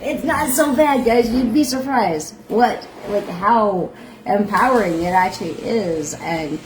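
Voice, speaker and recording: A woman's voice: mid-range voice, a little slow. A woman hosting a casual live stream from home, chatting to viewers and laughing often. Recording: echoey room with steady background noise.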